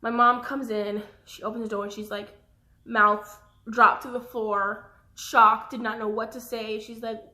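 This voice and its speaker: A young woman speaks straight to her camera in a personal vlog, rambling from thought to thought and pausing to apologize for her scattered thinking. Her voice sits a little high and sounds bright. The room around her adds a noticeable echo. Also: level tone. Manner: rambling, jumps between thoughts, apologetic asides. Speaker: vlogger.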